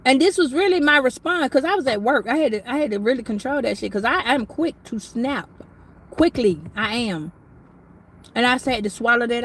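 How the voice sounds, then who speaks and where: A woman's voice: a little high, brisk, slight background noise. A middle-aged woman giving a casual astrology reading, talking bluntly, preachily and with plenty of swearing. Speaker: tarot reader.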